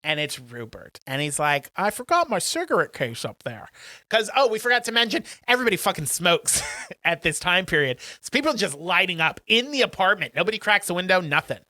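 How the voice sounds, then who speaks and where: A man co-hosting a casual podcast, excitedly recapping a movie and acting out the characters' lines. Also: high voice, fairly quick, no room sound. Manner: animated retelling, acting out film characters' lines. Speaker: podcast co-host. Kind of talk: casual chat.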